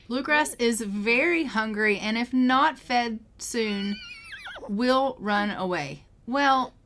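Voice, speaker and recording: A woman's voice: medium pitch, fairly bright tone, a little hiss or hum. Woman narrating a life-sim game. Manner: chatty, easygoing play-by-play. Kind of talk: storytelling gameplay commentary.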